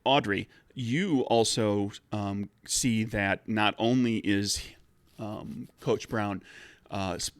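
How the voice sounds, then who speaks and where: A man's voice: fairly low pitch, fairly even intonation, takes it slowly, smooth, no echo. A man narrating as game master, explaining rules at length with many fillers and restarts.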